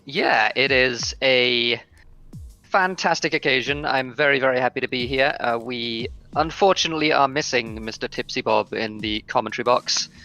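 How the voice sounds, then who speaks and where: A male esports commentator with a gravelly edge and a sharp, bright tone. He calls a live online racing event haltingly, full of fillers and restarts. His pitch sits in the ordinary middle range. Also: faint music behind.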